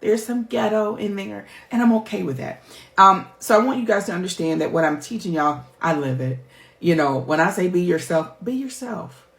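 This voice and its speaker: A woman's voice: low voice, a little fast. Middle-aged woman, heartfelt and emphatic. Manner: emphatic, heartfelt, chatty with many fillers. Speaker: life coach. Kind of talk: candid personal vlog talk. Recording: roomy echo.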